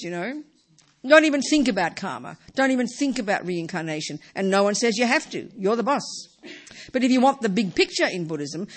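This is an informal dharma talk from a woman whose mid-range voice has a husky quality. She teaches the Buddhist lesson casually and with emphasis, frequently adding rhetorical tag questions and asides like "you know."

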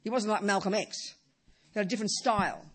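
A woman's voice: medium pitch, quick pace, husky. A woman teaching a Buddhist dharma talk, who talks in bursts, repeats and restarts phrases, and keeps asking the listeners rhetorical questions.

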